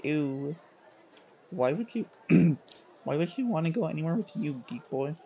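A man's voice: animated, a little slow, creaky, warm tone, slightly rough, lo-fi sound, heavily acted. A man voicing a snobby, mean teenage cheerleader girl who mocks people in a game reading. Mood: mocking. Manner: catty, mocking, shrill.

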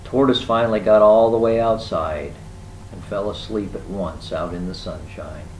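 A man's voice: on the low side, moderate pace, a little mellow, echoey room, a little hiss or hum, poor audio. Man reading a picture book aloud. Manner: chatty asides to young listeners. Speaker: storyteller.

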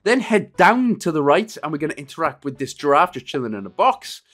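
A man in his thirties narrating a game walkthrough in a casual, rambling, joking way, his voice going a little hoarse. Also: fairly high pitch, sing-song, fairly quick, fairly bright tone. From Wales. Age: 30s. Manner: jokey, rambling, self-deprecating asides. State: losing his voice a bit. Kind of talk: casual gameplay walkthrough commentary.

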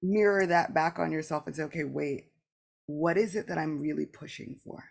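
Earnest, gravelly-voiced woman podcast host. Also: deep voice, normal speed, a little mellow. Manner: earnest and reflective, many "like" asides; acts out both sides of remembered exchanges. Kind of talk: candid spiritual podcast talk.

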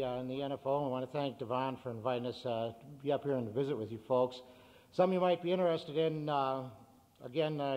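At a meeting hall, a male farm radio broadcaster reads market prices in an upbeat way, moving briskly through the figures. His voice is medium-pitched and a little mellow, captured on cassette with hall reverb.

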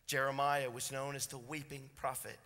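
A pastor preaching a sermon, swinging between loud, fervent passages and hushed, intense ones. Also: male voice, medium pitch, little pitch movement, moderate pace. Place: church sanctuary. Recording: church sanctuary reverb.

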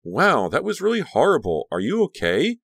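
A man voicing a worried, caring teenage girl who soothes her friend, pitching his voice up. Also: very animated, moderate pace, no echo, clean studio sound. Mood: soothing.

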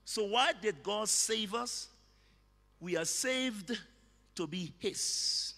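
A man preaching a sermon, emphatic and repetitive, bursting into shouted words. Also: high voice, animated, slow pace, in a large hall. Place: church hall.

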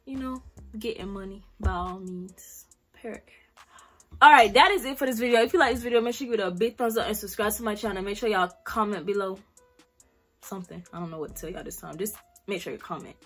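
Faint music sits behind this late-teen vlogger as she answers Q&A questions quickly in a mid-range, slightly rough voice. She speaks with a South Carolina accent, bluntly and slangily, swearing freely.

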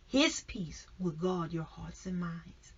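A woman delivers a devotional sermon at an unhurried pace, her voice husky and slightly breathy. She builds to fervent exclamations, then sinks into near-whispers. The recording sounds dull and lo-fi. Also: on the low side, expressive. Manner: fervent, swings between raised exclamations and hushed whispers. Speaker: minister.

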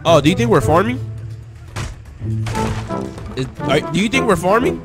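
Loud taunting young man gaming. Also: high-pitched, very animated, moderate pace, loud music behind the voice. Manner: loud, taunting trash talk with sudden yelps. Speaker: gaming streamer. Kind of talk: excited gameplay commentary.

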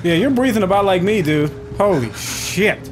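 A man's voice: sits high, expressive, normal speed, slight background noise. A man hosting a let's play of a horror game, reacting with nervous jokes and constant swearing. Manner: jumpy, profane, nervous joking. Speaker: gaming channel host. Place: home gaming setup. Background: horror game music.

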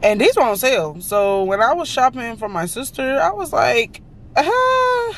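Woman, high voice, chatty, exasperated, rambling casual vlog, phone at arm's length. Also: very animated, normal speed, a little hiss or hum. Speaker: vlogger and lash technician.

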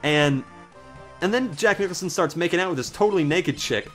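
A man's voice: high-pitched, a little fast, soft background music. A young man casually commentating a game while telling a long rambling story, swearing freely and reacting with sudden exclamations. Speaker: let's play commentator.

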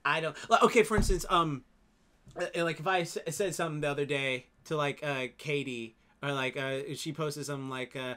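A young man co-hosts a podcast in casual chat. His voice is bright and a little high, and he gets animated, swearing freely and acting out what others said to him. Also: fairly quick. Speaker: podcast co-host.

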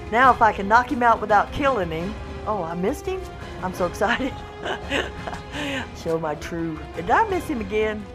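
A woman hosting a casual let's-play, chatting to the animals in her game in a coaxing, excitable way. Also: mid-range voice. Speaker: gaming channel host.

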